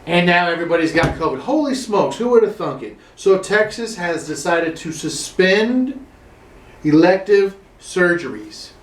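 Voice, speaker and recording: High-voiced sarcastic comedian man. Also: lively intonation, unhurried, roomy sound, slight background noise. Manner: swearing, sarcastic, rising to exaggerated outrage. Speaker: standup comedian. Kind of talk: solo comic rant. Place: his own room.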